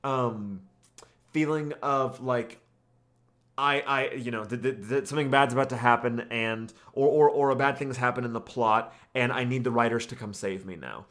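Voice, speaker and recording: A man's voice: medium pitch, normal speed, fairly bright tone. A man co-hosting a podcast, talking casually about an anime and often stammering and repeating words. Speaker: podcast co-host.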